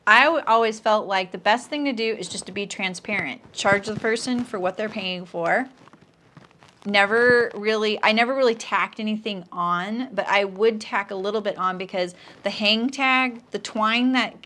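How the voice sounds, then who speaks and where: A middle-aged woman talks casually to her viewers during a live sewing stream, answering comments and joking. Her voice sits at an ordinary pitch, and she restarts her sentences often and drops into quiet asides. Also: normal speed. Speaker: sewing pattern designer hosting a live stream.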